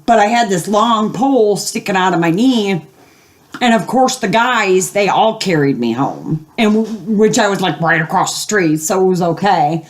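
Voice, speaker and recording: An older woman telling a long story casually at home, rambling with fillers and acting out the voices of the people she quotes. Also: mid-range voice. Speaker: gaming video host.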